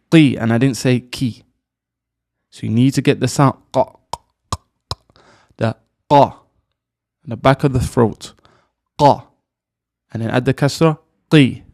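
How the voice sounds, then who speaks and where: A man speaks slowly and deliberately as he teaches pronunciation, repeating each sound several times. His voice has a gravelly edge. The recording is close and dry. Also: medium pitch, darkish tone, dry recording. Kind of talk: pronunciation lesson.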